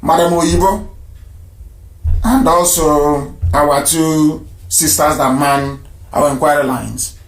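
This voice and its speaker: High-voiced guy hosting live radio, keeps repeating stuff for emphasis, echoey room. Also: slow. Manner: emphatic, repeats phrases for stress. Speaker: radio broadcast host. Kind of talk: live radio broadcast with call-ins.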